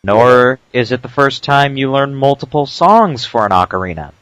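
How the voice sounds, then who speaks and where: A man doing casual commentary over a video game, explaining tips with dry jokes and frequent "uh" pauses. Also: medium pitch, lively intonation, a bit bright, clean tone, no room sound. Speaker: let's play commentator.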